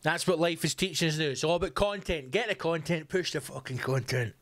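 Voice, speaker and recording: A man's voice: fairly high pitch, brisk, no room sound. A man hosting a podcast, ranting comically with sarcastic swearing asides. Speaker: podcast host. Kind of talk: comic rant. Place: home room.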